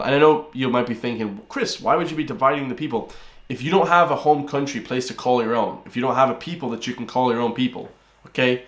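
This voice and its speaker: An Irish man hosting a reaction video, ranting and calling his viewers guys and bro. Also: medium pitch. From Ireland. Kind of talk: reaction commentary. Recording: roomy echoey room.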